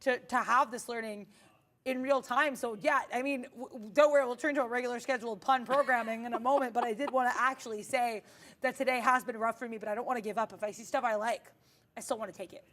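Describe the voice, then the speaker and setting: A woman's voice: a little high, steady tone, fast, a bit bright. A woman co-hosting a live trading stream, talking candidly and chattily with playful bursts. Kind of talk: live market commentary.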